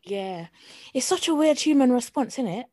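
A woman hosting a casual podcast, talking in a relaxed, drawn-out, sleepy way. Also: high-pitched, no room sound, clean studio sound. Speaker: co-host.

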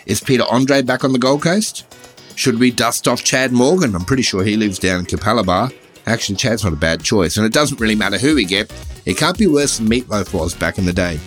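A man's voice: fairly low pitch, lively intonation, fairly quick, soft background music. An Australian man hosting a comedy podcast, delivering a scripted satirical monologue in a sardonic, wry way.

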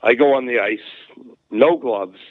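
This man's mid-range voice takes its time as he, once a hockey player, tells casual stories on an interview, stumbling over fillers and restarting often. There's no echo, though the sound is thin and phone-like.

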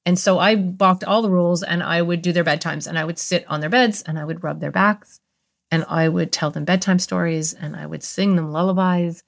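A woman's voice: fairly low pitch, steady tone, moderate pace, vocal fry. A woman in her fifties, a guest expert on a podcast, telling a story from her career in an earnest, heartfelt way. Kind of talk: interview storytelling.

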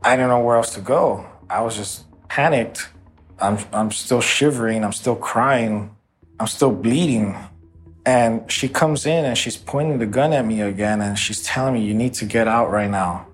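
A man telling an interviewer about a violent night in a halting way, often repeating his words. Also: medium pitch, faint music behind. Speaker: interview guest. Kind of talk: personal account in an interview.

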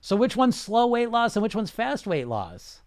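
A man's voice: high-pitched, huge pitch swings, moderate pace, clear, resonant tone, no echo, clean studio sound. Blunt, profane middle-aged man coaching. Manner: blunt, profane, fires rhetorical questions. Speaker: weight loss coach. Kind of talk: live-streamed podcast monologue.

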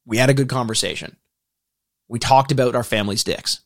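A man's voice: mid-range voice, fairly quick. A man co-hosting a casual podcast, rambling through stories with bursts of laughter. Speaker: podcast co-host.

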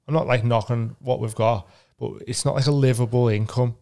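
A man's voice: mid-range voice, steady tone, a little fast, a little mellow. Man, podcast co-host, casual chat, rambling, self-doubting, fillers galore.

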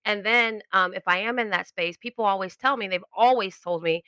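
Bright-voiced woman telling animated stories. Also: medium pitch, brisk, smooth, no echo, highs cut off. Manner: animated storytelling, acts out quoted voices, laughs often. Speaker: guest, educator and linguist. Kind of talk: casual podcast conversation.

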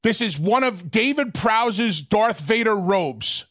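A man's voice: high voice, lively intonation, slow pace, fairly bright tone, dry recording, clean studio sound. A male radio co-host in bantering talk, earnestly and playfully defending his fandom.

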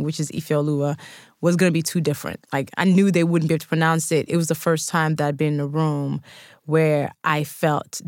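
A woman from Nigeria, an author, telling lively stories in an interview and acting out what others said. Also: sits low, no echo, studio quality. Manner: lively storyteller, acts out quoted voices.

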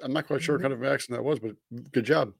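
Laid-back gravelly male podcast co-host. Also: medium pitch, fairly even intonation, quick pace, dry recording. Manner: laid-back, crude jokes, short quips. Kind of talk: casual sports chat on a livestream.

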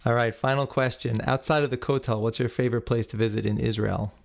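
A man hosting a podcast, running a quick question round with upbeat energy and reading the show's closing credits. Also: mid-range voice, fairly even intonation, gravelly. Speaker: podcast host. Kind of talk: interview and scripted outro.

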